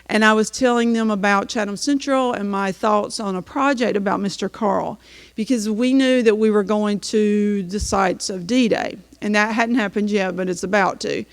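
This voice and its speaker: In a large, echoing hall with a long reverb tail, a North Carolina teacher presents a slideshow to an audience at a moderate pace. Her mid-pitched voice carries a relaxed, chatty story, and she often pauses on an "um."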